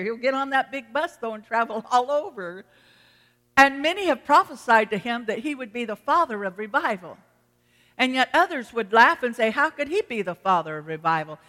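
Woman preacher, sermon delivery, sharp bright tone, emphatic repetition, long church reverb. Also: fairly high pitch. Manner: emphatic, repeats phrases for force.

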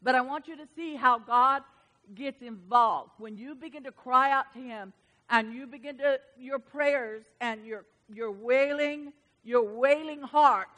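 A woman preacher gives a passionate, emphatic sermon to women in a high, bright voice, speaking a little slowly. She swings from quiet asides to loud, fervent exclamations.

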